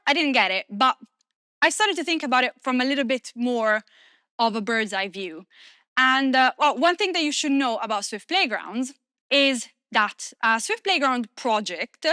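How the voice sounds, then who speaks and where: A woman whose first language is Italian, giving a lively, self-deprecating conference talk in English with many fillers. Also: high voice, moderate pace, no room sound, studio quality. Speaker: conference speaker.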